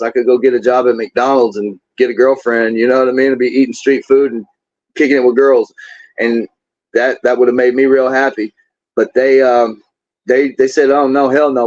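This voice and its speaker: A man's voice: medium pitch, a little mellow, no room sound. A man telling his story as an interview guest, candid and rambling, often repeating words. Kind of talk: casual storytelling. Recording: dull lo-fi sound.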